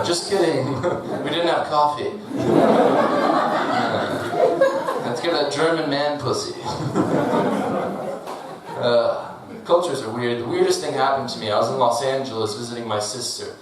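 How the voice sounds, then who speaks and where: A man performing a stand-up comedy set on a club stage, delivering jokes deadpan with laughing asides. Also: fairly high pitch. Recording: echoey club from a distant mic, audible noise.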